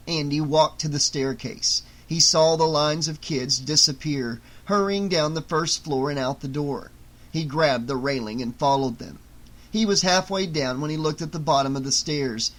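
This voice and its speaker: A man reading an audiobook in a steady, measured way. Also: fairly high pitch, low-quality recording. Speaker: audiobook narrator. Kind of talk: audiobook narration.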